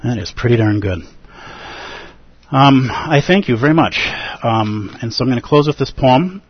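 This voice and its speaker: A man, a Buddhist teacher, giving an earnest and expressive dharma talk at a retreat, acting out feelings with gasps and pauses. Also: medium pitch, husky, no room sound. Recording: dull lo-fi recording.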